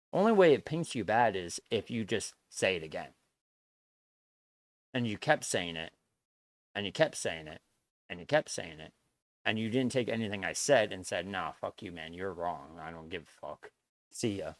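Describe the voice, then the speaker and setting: A man's voice: lowish voice, no room sound. A man streaming live, talking earnestly and at length to his chat, repeating his points and swearing often. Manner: earnest, lecturing and repetitive, with frequent swearing.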